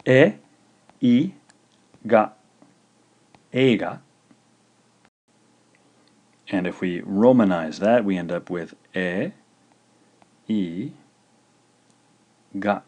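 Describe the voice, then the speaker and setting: In a scripted video lesson, a man with a deep, expressive, darkish voice teaches a language, pronouncing each syllable slowly and carefully and repeating it.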